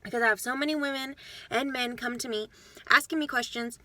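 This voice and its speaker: Blunt woman vlogger ranting at her viewers, swears a lot, bright pushy voice, dry sound. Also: a little high, brisk, no room sound. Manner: blunt, frank and swears freely; fired up, lecturing viewers. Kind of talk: casual talk to camera.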